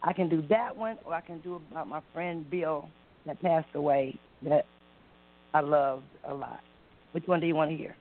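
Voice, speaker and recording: A woman's voice: low-pitched, normal speed. A woman calling in to an open mic show to perform a spoken word poem, delivering it in a rhythmic, emphatic way and playing with dialect. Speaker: open mic poet caller. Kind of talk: spoken word poetry reading. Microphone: phone call. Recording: dry tinny phone line.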